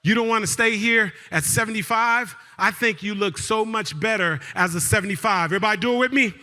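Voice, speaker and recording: A man giving a motivational keynote, leading the crowd in call-and-response and telling a story that swings between loud and hushed. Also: sits high, animated, a little fast. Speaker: keynote speaker. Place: large event hall. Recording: live hall with long reverb.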